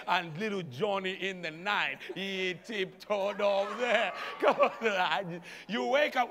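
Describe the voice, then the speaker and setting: A man preaching a sermon as pastor, animated, calling out to the congregation and chuckling between points. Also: sits high, a little slow, few pauses, long reverb tail. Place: church sanctuary.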